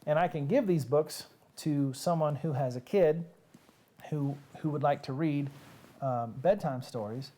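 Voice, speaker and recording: A man's voice: fairly high pitch, measured pace, mellow. Chatty joking man hosting a livestream. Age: adult with nieces and nephews who have babies. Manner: chatty and joking, talks straight to viewers. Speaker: host of a live-streamed reading show. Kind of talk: casual live-stream chat.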